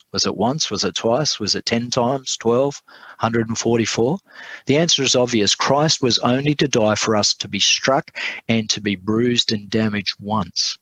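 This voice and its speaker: A man's voice: mid-range voice, fairly bright tone, dry recording, low-quality recording. A man teaching a Bible study class, reading scripture aloud with emphasis and putting questions to his audience.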